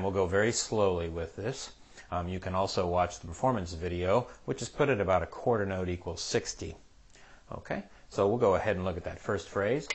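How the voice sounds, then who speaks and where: A man's voice: low voice, slightly rough. A man teaching a piano lesson, patiently explaining a jazz solo step by step and counting beats aloud. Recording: piano playing behind the voice. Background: piano playing.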